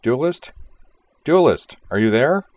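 A man's voice: fairly low pitch, animated, quick pace, voice pushed up, natural voice. A man voicing an anxious, urgent woman wingman. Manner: urgent, worried calls.

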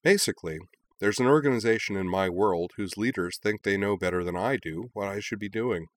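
A man voicing a cheerful, wry young woman who speaks briskly. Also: on the low side, close to an everyday voice. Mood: explaining.

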